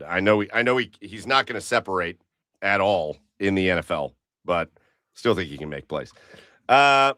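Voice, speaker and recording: A man's voice: fairly low pitch, sharp tone, no room sound. A man co-hosting a casual sports podcast over beers, telling stories bluntly with some swearing. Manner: blunt, profane storytelling. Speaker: podcast co-host.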